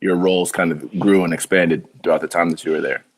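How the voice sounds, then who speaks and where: A young man hosts a podcast in a very deep, low voice. He is laid-back, asks long meandering questions, and adds frequent short affirmations as he listens. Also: little pitch movement, a little fast. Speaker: podcast host. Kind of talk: casual interview.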